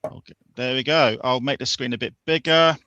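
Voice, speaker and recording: A man's voice: mid-range voice, a little fast, sharp tone, clean tone, no room sound, muffled recording. A man hosting a live-stream retro gaming quiz, upbeat and jokey as he runs the rounds. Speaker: host.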